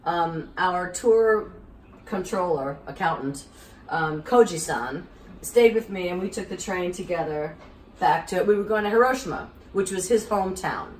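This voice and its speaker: A middle-aged woman host telling a lively anecdote, acting out the other people's voices. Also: lowish voice, unhurried, far from the mic, slight background noise. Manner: acts out voices in her anecdote, lively and theatrical. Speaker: cooking show host. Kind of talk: animated storytelling. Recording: echoey room, voice a bit off-mic.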